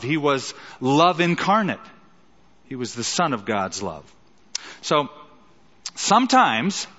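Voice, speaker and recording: A man's voice: medium pitch, pushed and bright, in a large hall, lo-fi sound. A middle-aged man preaching a sermon as a pastor, emphatic, with rhetorical questions and dramatic quoted lines.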